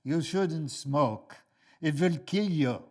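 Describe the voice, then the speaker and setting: A man's voice: on the high side, slow pace, a little mellow. A man voicing a pushy tiny old immigrant grandmother with a Central European accent, who scolds and demands in broken English. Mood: scolding.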